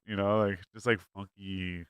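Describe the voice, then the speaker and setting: A young man chatting as podcast co-host, with a smooth, clear voice that sits a little low. He rambles and swears, stacking fillers as he goes. The sound is dry and close. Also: little pitch movement, moderate pace, fairly bright tone, dry recording. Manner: rambling, profane, lots of "like" fillers. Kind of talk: casual chat. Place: home studio.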